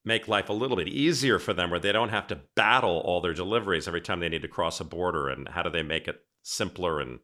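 A man's voice: low-pitched, quick pace, few pauses, bright, forceful tone. A man hosting a podcast interview, telling rambling stories in a casual, chatty way. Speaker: podcast host.

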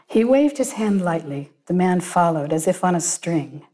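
A woman narrating a first-person story in a measured, reflective way. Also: on the low side, animated, warm tone.

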